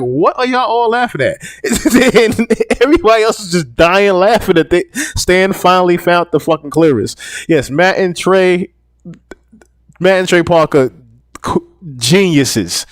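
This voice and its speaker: Guy in his 30s rambling on his own podcast, swears a ton, kinda high voice, dead dry mic. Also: no room sound. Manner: rambling, profane, repeats himself. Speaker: podcast host. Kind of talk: casual solo commentary.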